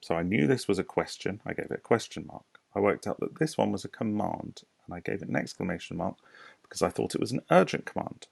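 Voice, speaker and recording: A man with a British accent, a primary school teacher giving a recorded lesson to young children, explaining slowly and patiently with questions to the class. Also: on the low side, animated, no room sound. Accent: British English. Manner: slow, clear, patient explaining with rhetorical questions.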